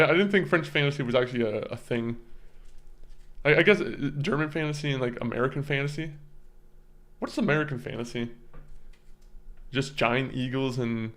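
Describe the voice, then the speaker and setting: Young man streaming, casual chat, stammering restarts, mid-pitched voice. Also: a bit bright. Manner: rambling, stammers and repeats words, chuckles often.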